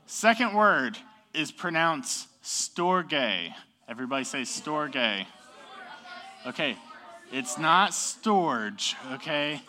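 Young male youth teacher, bright tense tone, casual and upbeat, keeps asking "okay?". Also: fairly high pitch. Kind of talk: classroom teaching.

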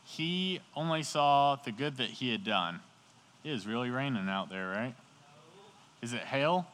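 This man speaks at medium pitch, a little slowly and expressively, with a slightly bright tone and a little background noise. Preaching casually to a youth group, he tells the story in slangy, chatty speech and asks the audience questions, inside an echoey hall by a sports field as it rains outside.

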